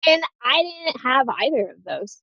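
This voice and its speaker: A woman's voice: high voice, big pitch swings, unhurried, no room sound, lo-fi sound. A woman nurse practitioner speaking as a podcast guest, candid and storytelling, laughing often in casual chat.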